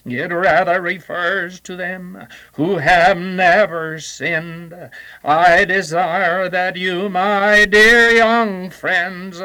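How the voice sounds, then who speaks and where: A man's voice: sits high, fairly even intonation, very slow, sharp tone, full character voice, rough recording. A man playing a Quaker minister, intoning scripture in a solemn sing-song chant. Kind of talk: intoned preaching.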